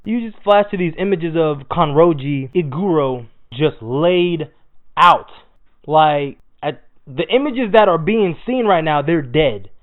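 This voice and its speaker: A young man giving a casual, profane, animated recap of a manga chapter, swearing freely and talking in slang. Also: a little high, slow. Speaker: anime manga reviewer. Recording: tinny phone-like audio.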